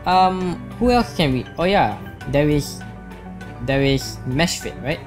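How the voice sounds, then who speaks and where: A man hosts a let's play, reading story text and commenting casually on his choices. He hesitates often and fills pauses with ums. Faint music plays under his voice. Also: fairly high pitch, lively intonation.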